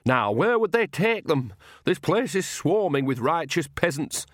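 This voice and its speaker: A man's voice: on the high side, sing-song, unhurried, a bit bright, no echo, clean studio sound, pitched above the performer's own voice, heavily acted. A man voicing a cheerful, earthy old woman witch who calls everyone "dear" in a homely way. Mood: brisk.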